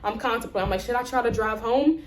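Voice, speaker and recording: A woman's voice: fairly high pitch, quick pace, reverberant, a little hiss or hum. A young woman vlogger telling a rant-style story, acting out the people in it. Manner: animated, acts out both sides of conversations.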